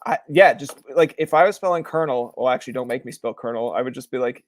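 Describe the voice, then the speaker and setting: A man's voice: mid-range voice, fast. A young man from Canada hosting a podcast, chatting casually and acting out the people in his stories. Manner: animated storyteller, acts out quoted people. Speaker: podcast host. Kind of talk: casual chat.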